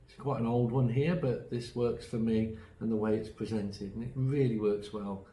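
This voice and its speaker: In a rough recording with some hiss or hum and plenty of reverb, a man with a lowish, mellow voice speaks at normal speed with fairly even intonation. He's running an online workshop on autism strategies, telling chatty anecdotes full of ums and restarts and acting out the voices of the people he quotes.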